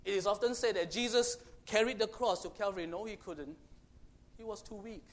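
A man preaching a sermon to children, storytelling dramatically and swinging between loud and hushed. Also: high-pitched, a little fast.

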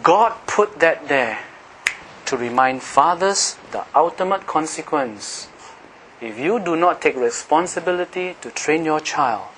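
Singaporean English male preacher, middle-aged, high-pitched, fervent and loud at peaks, faint noise behind. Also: expressive, a little slow, poor audio. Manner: impassioned, shouting at times. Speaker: pastor. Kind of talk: sermon.

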